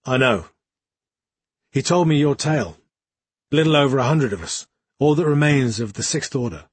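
A man voicing a jaunty, boastful young warrior monk in an audiobook, with a grinning, storytelling swagger and a husky, breathy tone. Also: mid-range voice, expressive, moderate pace, dry recording. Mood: cheerful.

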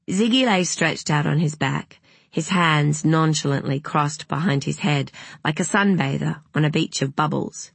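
Low, breathy woman narrating slowly. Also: dry recording. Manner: measured, unhurried storytelling. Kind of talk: audiobook narration.

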